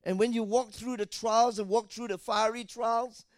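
A man preaching a sermon as pastor, asking rhetorical questions and building to shouted fervor. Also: very high voice, steady tone, normal speed, dry recording, studio quality.

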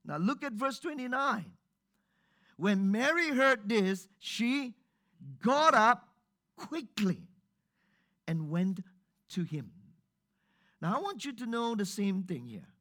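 Male preacher, high voice, sermon in church, lively, asks the congregation questions. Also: takes it slowly, long pauses. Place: church before a live congregation.

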